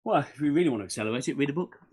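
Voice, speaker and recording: A middle-aged man appears as a podcast guest in a casual interview, talking in animated, rambling bursts full of restarts and fillers. His mid-range voice comes fast, rapid-fire, with a breathy edge.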